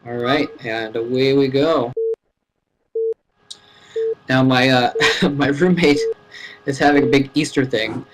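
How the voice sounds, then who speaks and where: A man casually commentating a live match from his home computer, chatty and laughing often, his voice rising sharply at exciting moments. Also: mid-range voice, slow, pauses often, a little hiss or hum, low-quality recording. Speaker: esports caster. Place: home room.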